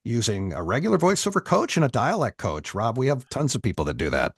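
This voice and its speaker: A man hosting an online voiceover class, explaining things in a relaxed conversational way. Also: mid-range voice, quick pace, slightly rough, no room sound, clean studio sound.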